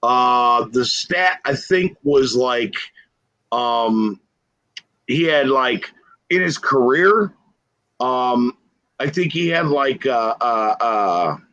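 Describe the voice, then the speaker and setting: Bright, animated sports podcast man. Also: mid-range voice, extremely slow, muffled recording. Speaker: podcast co-host. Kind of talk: casual sports talk.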